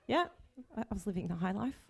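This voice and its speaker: A woman's voice: mid-range voice, expressive, quick pace, gravelly, slightly rough. Australian woman, 30s, chief bridesmaid, nervous, self-deprecating humor. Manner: nervous, self-mocking, joking. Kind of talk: wedding speech.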